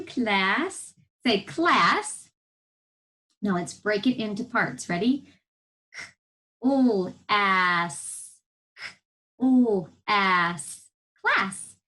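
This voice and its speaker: A woman's voice: medium pitch, low-quality recording. A woman teacher giving a televised reading lesson to first graders, encouraging and patient as she walks them through sounds in words. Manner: slow, lively, encouraging teacher talk to young children.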